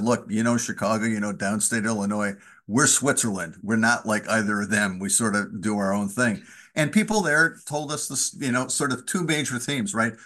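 A man from Wisconsin, a former congressman, talking candidly in an interview and telling anecdotes. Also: lowish voice. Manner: candid, anecdotal, lively storytelling. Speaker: former congressman, podcast host guest. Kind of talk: conversational interview.

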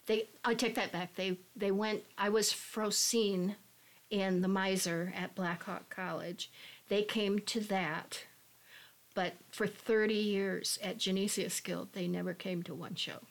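A woman's voice: medium pitch, steady tone, measured pace. A middle-aged woman who acts in community theater, chatting candidly in a casual panel discussion.

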